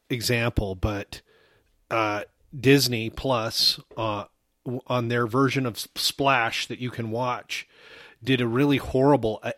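A man's voice: medium pitch, a bit bright, no room sound, studio quality. A man chatting casually on a podcast, hesitant and searching for his words. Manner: hesitant, full of fillers and restarts. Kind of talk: casual chat.

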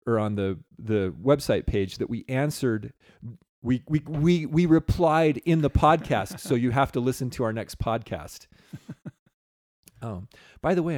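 A man's voice: mid-range voice, darkish tone, no room sound, clean studio sound. A man co-hosting a podcast in casual chat, rambling and reading listener comments aloud. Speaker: podcast co-host.

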